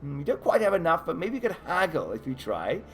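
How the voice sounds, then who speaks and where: His voice is on the high side and his pace quick, with faint music in the background. He's the game master of a live tabletop adventure for kids, animatedly narrating scenes and presenting the players with choices.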